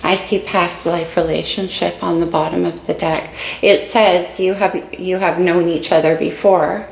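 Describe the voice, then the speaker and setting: A woman's voice: lowish voice, fairly even intonation, a little slow, gravelly, reverberant, a little hiss or hum, rough recording. A woman giving a casual spoken tarot reading, musing and speaking straight to her viewers while a little out of breath. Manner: dreamy, musing, talks to viewers directly. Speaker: tarot reader.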